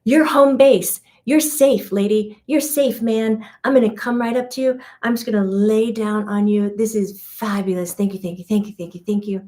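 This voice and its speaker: A woman's voice: mid-range voice, fairly even intonation, normal speed, few pauses, mellow, lightly acted. A woman voicing a usually mean dog that eagerly fawns over a newcomer and gushes its thanks. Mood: adoring. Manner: gushing, eager, repeating thanks.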